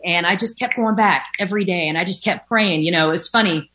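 Candid woman with a bright, lowish voice. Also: normal speed, few pauses. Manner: candid and conversational, with frequent fillers and occasional swearing. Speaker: recovering alcoholic sharing her story. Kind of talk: personal recovery testimony. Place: at home by a sunny window.

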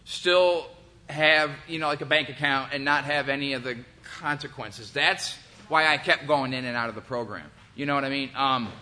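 A man's voice: medium pitch, moderate pace, bright, forceful tone. A man in his forties giving a candid, rambling personal testimony about recovery, profane and full of fillers. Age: 40s. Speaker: recovery speaker.

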